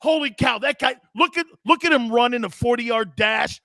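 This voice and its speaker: A man's voice: very high voice, normal speed, gravelly, bright, forceful tone, dry recording, studio quality, pitched above the performer's own voice, full character voice. A man putting on the voice of a gushing male football scout in a mocking, sing-song tone.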